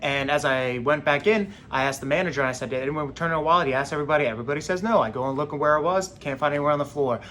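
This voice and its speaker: A young man recounts a personal story in a casual, animated way, slipping into the voices of the people he met along the way. His voice sits slightly high. A faint low rumble runs underneath the recording. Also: racing, few pauses. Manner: animated, acts out quoted voices. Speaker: vlogger telling a story.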